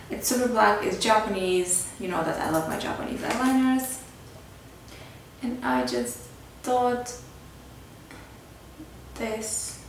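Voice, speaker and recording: A woman vlogger chatting casually through a makeup tutorial, filling her talk with "like" and "kinda". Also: mid-range voice. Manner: chatty, filler-heavy with frequent "like" and "kinda". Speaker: beauty vlogger. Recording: very echoey room, mic at a distance, faint background noise.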